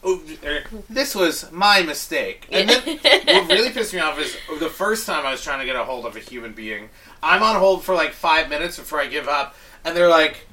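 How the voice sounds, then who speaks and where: A man in casual chat, ranting in an exasperated, animated way with heavy swearing. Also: a little high, normal speed, far from the mic.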